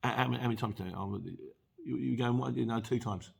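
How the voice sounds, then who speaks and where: A man's voice: medium pitch, fairly even intonation, quick pace, vocal fry, slightly rough. A middle-aged man, hosting a casual Q&A and chatting jokily through viewer comments. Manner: chatty and jokey, chuckles often. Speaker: channel host answering viewer questions.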